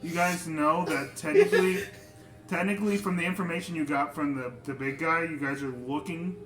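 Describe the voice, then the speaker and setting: A man's voice: on the high side, steady tone, moderate pace, fairly bright tone. A young man narrating as game master, casual and laughing as he banters with players. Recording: echoey room with music behind.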